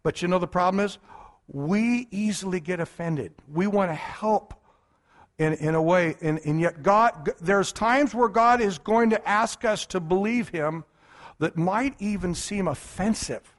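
A man's voice: high-pitched, unhurried. A male pastor preaching a sermon with emphatic delivery, acting out the voices of people in his stories.

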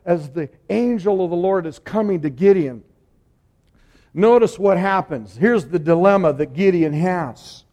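High-voiced preacher swinging hushed to loud. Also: male voice. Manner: dynamic, swings from hushed to shouted; call-and-response with the congregation. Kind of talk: sermon.

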